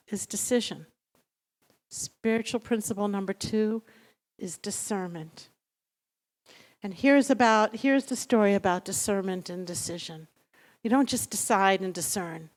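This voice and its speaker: A middle-aged woman rabbi giving a storytelling sermon in a synagogue, speaking slowly and in a measured way and sometimes dropping to a near-whisper. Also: mid-range voice. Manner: acts out the dialogue of her story; slow, measured teaching with soft near-whispers. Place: synagogue sanctuary. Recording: long reverb of a large hall.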